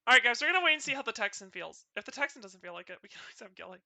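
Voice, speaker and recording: A North Carolina-accented woman streams as a VTuber, playfully talking with friends and viewers and often tangling her words. She talks very fast in a fairly high, expressive, gravelly voice with a sharp tone, on a dry recording.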